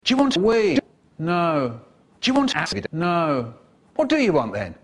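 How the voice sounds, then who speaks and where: A man telling comic stories in an animated, expressive way, in chopped-up clips. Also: a little high, unhurried. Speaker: storyteller. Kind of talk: spliced comic storytelling clips.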